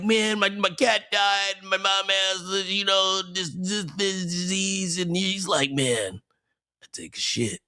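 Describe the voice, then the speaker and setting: On his livestream, a man reacts to a clip with heated commentary, mocking it and repeating himself while stumbling through stammers and restarts. His voice is high-pitched and bright, with vocal fry and a forceful tone.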